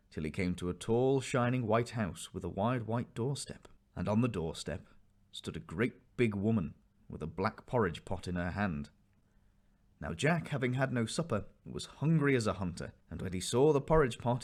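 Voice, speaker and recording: A man narrating a classic fairy tale aloud in a measured, expressive reading. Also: medium pitch. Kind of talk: storybook reading.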